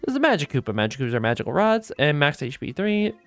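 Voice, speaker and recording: A woman's voice: sits low, big pitch swings, quick pace, no echo, faint music behind. Rambling casual woman streamer. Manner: casual, rambling, swears freely. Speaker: gaming streamer. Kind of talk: let's play commentary.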